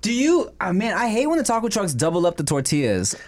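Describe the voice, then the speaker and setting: A man chatting casually over a meal, laid-back and slangy, peppering his talk with swearing. His pitch swings a lot, rising and falling as he tells stories. He sounds relaxed and unhurried. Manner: laid-back, profane, slangy, calls people dog. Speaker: podcast co-host. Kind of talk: casual chat over food.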